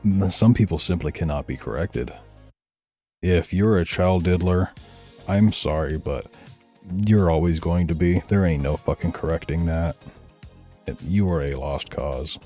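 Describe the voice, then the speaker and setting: A man holds forth in casual ranting commentary, swearing freely and hammering his points bluntly. His voice sits very low, with a dark, mellow tone. Faint music plays under him. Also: measured pace. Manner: blunt, profane, heated. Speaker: streamer reacting to videos.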